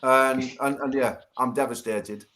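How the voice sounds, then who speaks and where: This man speaks with a medium pitch, a steady tone, and a measured pace, with slight background noise behind him. Hosting a laid-back online chat show over video call, he jokes around with guests, swearing and laughing loudly.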